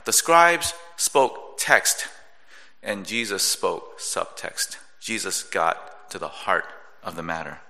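Man, pastor, sermon, measured teaching tone, fairly low voice, bright forceful timbre. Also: sing-song, vocal fry. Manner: measured teaching tone with frequent rhetorical "right?". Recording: long reverb of a large hall.

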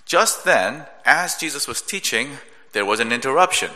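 A male pastor preaching a sermon in a measured teaching tone, often checking in with a rhetorical "right?". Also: mid-range voice, animated, sharp tone. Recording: long reverb of a large hall.

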